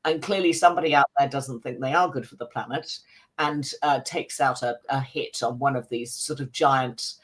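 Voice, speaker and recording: A woman's voice: extremely low pitch, moderate pace. A woman speaking as a screen critic on a radio chat show, casual and conversational.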